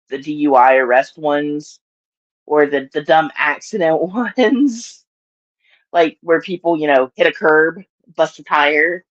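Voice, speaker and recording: A woman with a low voice and a Southern US accent, heard in lo-fi sound, chats casually with her live-stream audience. She rambles and laughs often.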